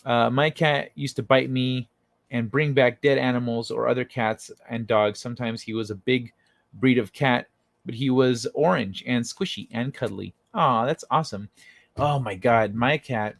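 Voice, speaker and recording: A man hosts a casual late-night livestream, reading chat messages aloud and answering them loosely while swearing freely. His mid-range voice has vocal fry, he speaks at a moderate pace, and the recording is dry.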